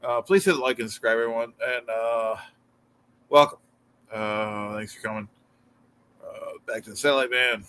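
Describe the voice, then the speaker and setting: A man hosting a livestream who talks calmly, leans on fillers like "you know, so," and tries to settle his caller down. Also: mid-range voice, normal speed, pauses often, clean tone. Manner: calm, filler-heavy, soothing. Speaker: livestream host. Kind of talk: casual livestream chat.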